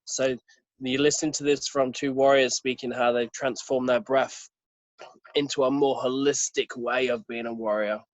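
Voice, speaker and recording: A man's voice: mid-range voice, level tone, moderate pace, no echo, poor audio. A man as a podcast guest, earnestly telling a personal story in casual talk and acting out quoted dialogue.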